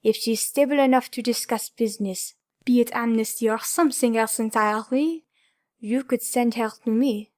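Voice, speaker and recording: A woman's voice: on the high side, fairly even intonation, normal speed, a little mellow, lightly acted. A woman reading the part of a grave male hero leader, speaking in an earnest, apologetic and insistent way in an audiobook. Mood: earnest pleading.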